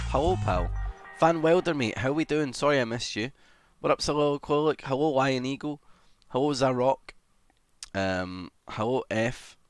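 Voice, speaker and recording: A man's voice: medium pitch, no room sound. A young man livestreaming in casual chat, greeting viewers one by one and swearing casually.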